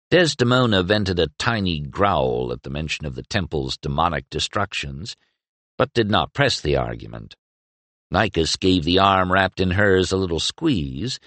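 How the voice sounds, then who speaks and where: A man narrating a fantasy audiobook in a measured, expressive manner. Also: low-pitched, no echo. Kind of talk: scripted narration.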